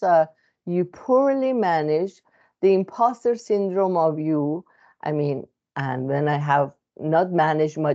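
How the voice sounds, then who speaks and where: A woman therapist with a non-native English accent speaks slowly and earnestly, reflecting on her own experience. Her voice is low and mellow, with many halting fillers and restarts. The recording sounds a little dull and lo-fi. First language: not English. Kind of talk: reflective self-help monologue.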